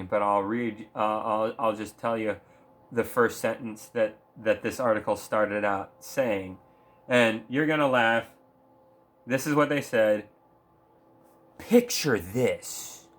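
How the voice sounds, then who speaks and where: A gaming vlogger with a low-leaning, slightly bright voice rants about video games. He's casual and profane, meandering as he mocks the things he talks about.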